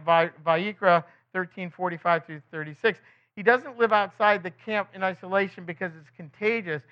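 This Bible teacher, a man with a high voice, delivers his sermon in a conversational way, often asking the audience rhetorical questions. He also slips into brief acted-out quotes of others, and the recording sounds dull and lo-fi.

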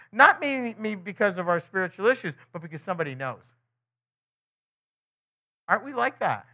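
In a dull, lo-fi recording, a high-voiced man teaches the Bible through a conversational sermon. He keeps putting rhetorical questions to his listeners and breaks into quick acted quotes of other people.

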